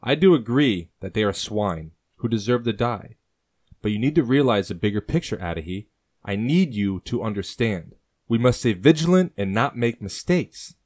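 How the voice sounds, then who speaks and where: A man's voice: on the low side, animated, moderate pace, darkish tone, pitched above the performer's own voice. A man playing a stern older rebel uncle. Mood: grave. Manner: stern, lecturing, rising to passionate outbursts.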